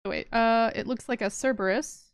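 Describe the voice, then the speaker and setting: A woman's voice: on the high side, moderate pace, creaky, clear, resonant tone, dry recording, clean studio sound. A young woman streaming a game, chatting casually and giggling often. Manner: giggly and playful, often laughing. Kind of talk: casual gameplay commentary.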